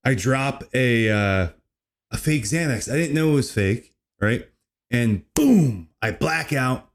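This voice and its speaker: A comedy podcast host rambles through a wild story in a casual monologue, speaking slowly with a creaky voice. He says "dude" constantly and his pitch swings lively.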